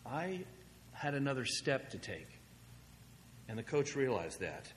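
A man's voice: mid-range voice, measured pace. Male pastor, sermon delivery, chatty storyteller, long reverb of a big hall, faint hiss. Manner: conversational storytelling, animated when quoting himself.

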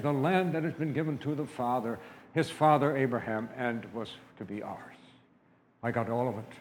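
Brief: male dramatic storyteller, earnest and stammering, slightly high voice, reverberant hall. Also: slight background noise. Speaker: storyteller in first-person biblical character. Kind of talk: dramatic first-person storytelling.

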